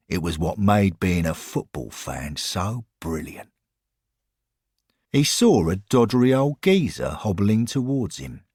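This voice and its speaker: A man narrating a scripted audio story in a measured way. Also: deep voice, darkish tone, breathy edge, no echo, studio quality.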